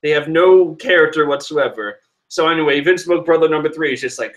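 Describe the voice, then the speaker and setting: A man's voice: on the high side, fairly quick, few pauses. A man casually reading through a comic chapter aloud, joking and sarcastic with frequent laughs. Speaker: manga reader commentator.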